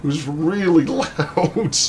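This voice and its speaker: A man's voice: a little high, slow, vocal fry, warm tone, a little hiss or hum. A man casually telling a long rambling story while playing a game, swearing freely and chuckling between lines. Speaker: let's play host.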